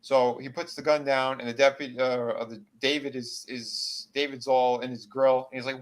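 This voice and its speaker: A man chats through a horror film's plot with a co-host in a relaxed, rambling way. He slips into the characters' dialogue, his voice rising for the quoted lines, and he fills gaps with ums and you-knows. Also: mid-range voice, moderate pace. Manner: animated retelling, acts out character lines. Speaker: podcast co-host. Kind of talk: casual movie recap chat.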